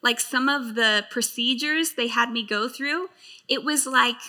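A woman in her late thirties preaching from the pulpit, telling her own story with earnest, heartfelt warmth. Her voice sits high and rings sharp and very bright. She speaks as a pastor giving a sermon testimony. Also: measured pace. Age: late 30s.

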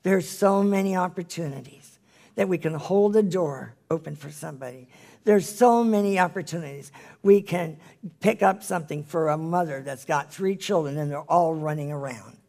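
An earnest Bible study leader teaching and praying in a live-streamed session, pleading with listeners and dropping to a hushed near-whisper at emotional moments. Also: medium pitch, normal speed, vocal fry.

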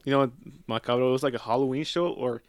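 A relaxed man tells a rambling story to a friend, laughing and cursing as he goes. His voice sits at a middle pitch, and the sound is dry and close with no room echo. Now and then he drops a bit of Spanish slang. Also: fast talker, clear, resonant tone. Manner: laid-back, laughing, swearing, slips into Spanish slang. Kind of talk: casual storytelling chat.

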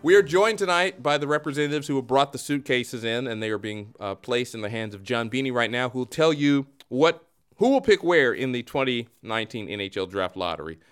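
Male host, smooth clear voice, mock-announcer delivery with sarcastic asides. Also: mid-range voice, lively intonation, fairly quick, fairly bright tone, faint music behind. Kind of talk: mock-broadcast hosting.

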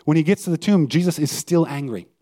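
A man's voice: fairly high pitch, lively intonation, fast talker, mellow. A male pastor giving a conversational sermon and putting questions to his listeners. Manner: conversational preaching, asks the audience questions.

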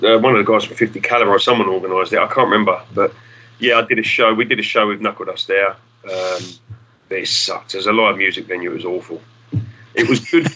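A man's voice: lowish voice, sharp tone, highs cut off. A man, a musician guest rambling through stories, swearing casually and acting out the people in them. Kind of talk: casual storytelling.

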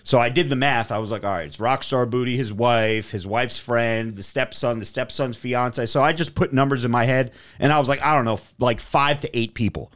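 A man's voice: medium pitch, a little fast, few pauses. Podcast guy telling a story, swears a ton, does the voices of everyone he talks about. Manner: profane, animated storyteller acting out dialogue. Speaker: podcast host. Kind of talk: casual storytelling.

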